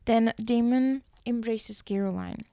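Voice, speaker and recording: A woman recapping a TV episode for a podcast, her mid-pitched voice carrying a gravelly, creaky edge. Her tone is mellow and dark, and the sound is close and dry, with no room echo. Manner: retells scenes and acts out the characters' lines in quick shifting voices.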